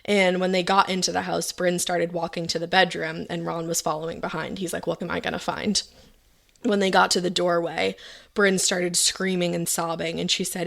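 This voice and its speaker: A woman's voice: fairly low pitch, little pitch movement, moderate pace, vocal fry, a bit bright. A woman podcast host retelling events in a casual, chatty way, full of fillers and quoted lines. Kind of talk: casual true-crime storytelling.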